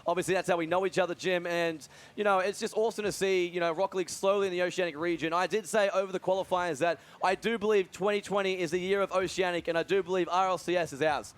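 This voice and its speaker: Fast-talking esports caster. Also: male voice, sits high. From Australia. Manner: fast, energetic, many fillers. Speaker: esports commentator and event organizer. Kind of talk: live esports commentary.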